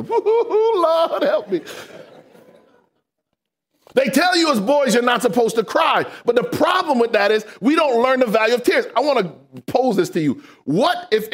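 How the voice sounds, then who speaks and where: A man preaching a sermon, asking the congregation questions and rising to shouts for emphasis. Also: extremely high pitch. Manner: animated preaching with call-and-response questions.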